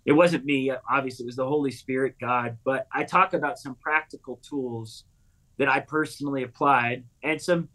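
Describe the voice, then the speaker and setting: A man in his thirties, a pastor and author, telling a personal story in an interview with earnest, animated quoted dialogue. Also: medium pitch, moderate pace.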